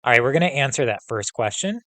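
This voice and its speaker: A male teacher reading a novel aloud to students, pausing to pose comprehension questions in a steady, instructive way. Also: mid-range voice, dry recording.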